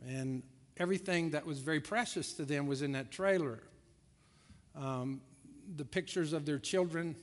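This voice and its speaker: Male pastor, fairly high voice, conversational storyteller, sermon in a big reverberant church hall. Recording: long reverb of a large hall.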